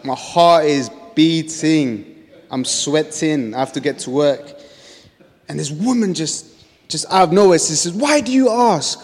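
A man's voice: fairly high pitch, measured pace. A man sharing a testimony in a sermon, telling his story earnestly with frequent restarts. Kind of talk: testimony preaching. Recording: long hall reverb.

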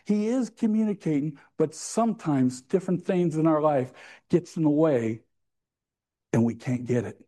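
A man's voice: fairly high pitch, measured pace, warm tone. A man preaching a sermon to a congregation in a conversational way, with asides and jokes. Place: church.

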